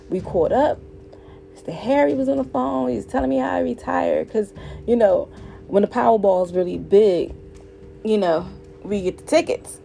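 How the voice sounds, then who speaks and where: A woman's voice: medium pitch, creaky, dark tone, poor audio. A woman telling a heartfelt personal story in a casual, earnest way, livening up when she quotes other people.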